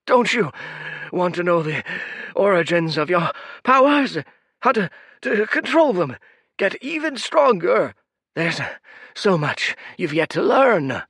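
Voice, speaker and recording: A man voicing an ancient, weary high priest who is pompous yet desperate, calling out in shrill, wheezing shouts. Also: sing-song, slow pace, pauses often, husky, no room sound, full character voice. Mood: shrieking, desperate.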